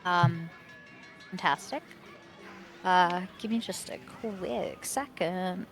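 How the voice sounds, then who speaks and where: A woman running a tabletop game as game master, narrating haltingly with many fillers. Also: fairly low pitch, fairly bright tone, faint music behind.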